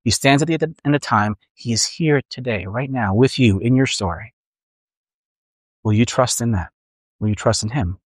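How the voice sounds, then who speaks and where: A man's voice: mid-range voice, moderate pace, dry recording. A man preaching a sermon as pastor, earnest and reflective, speaking to a congregation in a church room.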